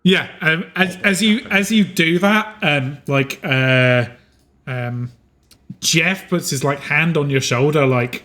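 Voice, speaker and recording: A man narrating as game master, halting and full of "like" and "um" as he improvises. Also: fairly high pitch, pushed and bright.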